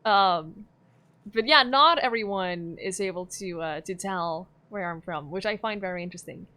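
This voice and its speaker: A woman's voice: medium pitch, normal speed, sharp tone. A woman from Norway, streaming a game and chatting casually, giggling and cooing at her dog.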